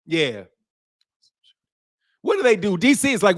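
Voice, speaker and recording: A man's voice: sits high, big pitch swings, normal speed, long pauses. A man from Chicago hosting a casual livestream, talking in loose slang, laughing often and imitating regional greetings. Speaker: boxing channel host. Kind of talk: casual livestream chat with viewers.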